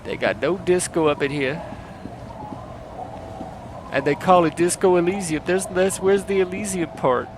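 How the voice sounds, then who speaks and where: Guy putting on a loud high-pitched jive dude yelling for disco, noisy mic. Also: a little slow, pauses often. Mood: boisterous.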